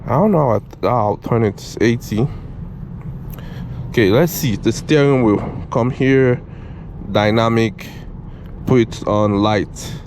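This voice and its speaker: An excitable man talks his way through a test drive. He repeats lines and scolds the car as it moves. Clear road noise fills the cabin behind his voice. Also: mid-range voice, slow pace, long pauses. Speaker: car reviewer. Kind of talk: casual driving commentary. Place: inside a moving car.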